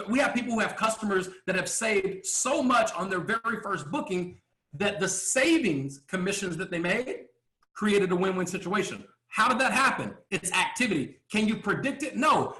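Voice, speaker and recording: A man speaking from a stage as a motivational speaker, pressing his points with rhetorical questions and pauses. His voice sits high and swings widely, and his tone is bright and forceful. The sound carries through an echoey room. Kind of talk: motivational speech to a live audience.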